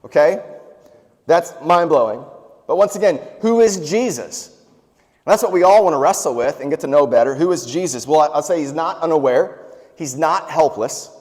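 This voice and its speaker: A man in his younger adult years preaches in a relaxed, conversational way, slipping into asides and stories from his own life. His voice sits a little on the high side. A long reverb trails behind him, as in a large church hall. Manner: conversational, animated storytelling with asides. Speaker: pastor. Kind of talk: sermon.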